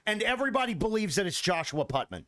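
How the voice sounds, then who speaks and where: A man's voice: high voice, big pitch swings, quick pace, fairly bright tone. A young man streaming a video game, swearing freely and talking back to his chat with exasperation. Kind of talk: casual gameplay commentary.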